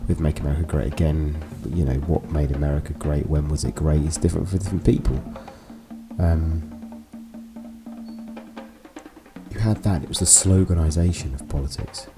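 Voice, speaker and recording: A man with an extremely deep, low voice talks through a casual political monologue. He wanders between points with wry, dry asides. Music plays clearly behind him. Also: steady tone, normal speed, long pauses. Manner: musing, digressive, wry asides. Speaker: political commentary host.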